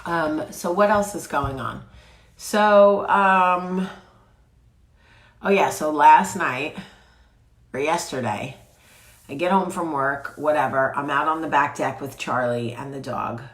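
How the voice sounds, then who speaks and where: A woman with a low voice and a cold talks unhurriedly to her viewers in a chatty, blunt, freely swearing way. She is recorded on a tablet in a roomy, echoey space. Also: takes it slowly, pauses often. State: sick with a cold. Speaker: vlog host. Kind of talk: casual chat to camera. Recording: roomy echo.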